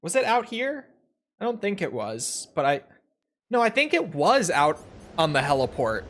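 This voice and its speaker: Brief: joking male game commentator, slightly high voice, faint hiss behind. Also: huge pitch swings, normal speed, a bit bright. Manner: chatty, joking, thinking aloud. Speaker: gaming video creator. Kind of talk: casual gameplay commentary.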